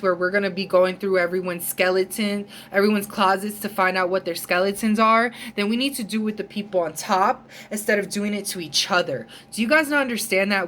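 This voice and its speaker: A woman's voice: mid-range voice, a bit bright, slight background noise. A woman vlogger ranting in a heated, emphatic way, with frequent swearing. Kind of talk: ranting storytime vlog.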